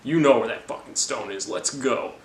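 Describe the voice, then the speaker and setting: A man's voice: mid-range voice, moderate pace, far from the mic, slight background noise, close to an everyday voice. A man voicing a huge alien warlord, swearing and mocking in a roomy recording. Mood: scornful. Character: huge menacing alien warlord, male, gruff. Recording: roomy with faint ambience.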